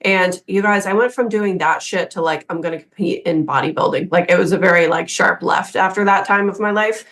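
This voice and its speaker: A woman's voice: on the low side, brisk, few pauses, a bit bright. A woman in her thirties co-hosting a podcast, telling her story in a candid, self-mocking way with quoted asides. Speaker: podcast co-host. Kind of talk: casual podcast chat.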